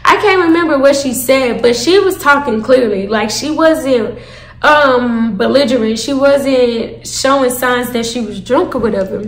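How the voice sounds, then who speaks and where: A young woman telling a storytime to her viewers, animated and profane, calling them y'all. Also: sits high, a little slow, reverberant. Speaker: storytime vlogger. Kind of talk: casual storytime.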